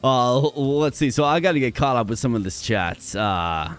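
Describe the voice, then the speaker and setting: A man with a hoarse voice, chatting energetically with viewers during a live stream. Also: mid-range voice, lively intonation, moderate pace, soft background music.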